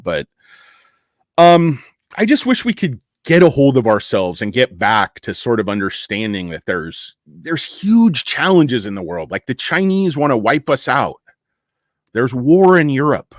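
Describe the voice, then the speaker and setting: A man's voice: medium pitch, no echo, clean studio sound. A middle-aged man from the United States rambling emotionally as a stock market YouTuber, swearing and breaking off with fillers and restarts. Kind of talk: casual rambling monologue.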